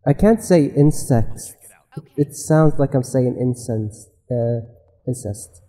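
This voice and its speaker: A man's voice: medium pitch, animated, takes it slowly, dark tone, long reverb tail, poor audio. A man giving casual gameplay commentary as a let's play gamer, swearing a lot and talking back to the game.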